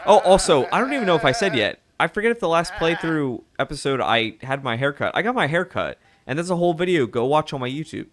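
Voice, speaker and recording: A man's voice: a little high, very animated, quick pace, few pauses, fairly bright tone. Chatty man commenting on a game. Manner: casual, chuckling asides while playing. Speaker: video game streamer. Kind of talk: let's play commentary.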